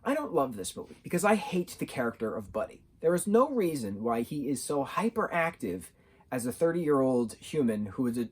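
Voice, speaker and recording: A man's voice: mid-range voice, very animated, a little fast, breathy edge. A young man giving a casual, rambling film review to the camera, full of fillers and restarts. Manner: chatty, rambling, many fillers. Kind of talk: casual talking-head review.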